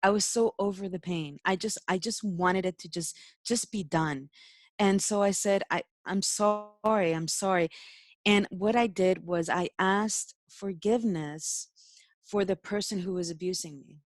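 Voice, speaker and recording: A woman's voice: medium pitch, unhurried, no room sound. A young woman, a spiritual teacher, telling a personal story in casual talk, emotional, laughing often and using many fillers.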